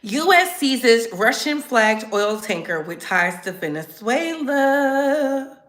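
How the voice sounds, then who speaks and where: A woman hosting a casual commentary show, sassy and animated as she talks right to her viewers. Her voice is bright and a little high. It sounds like an echoey room. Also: slow pace. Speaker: commentary channel host.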